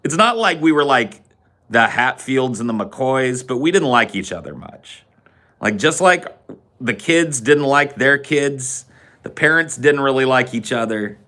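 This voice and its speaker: A man hosting a podcast, telling a funny story in an animated, profane way. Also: mid-range voice, a little slow. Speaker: podcast host. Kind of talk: comedic storytelling.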